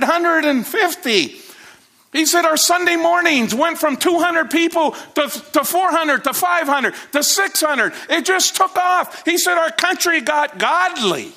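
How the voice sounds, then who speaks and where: A man's voice: very high voice, expressive, a little slow, sharp tone. A man preaching a sermon, telling a story with rising animation and frequent restarts. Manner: repeats words, frequent restarts.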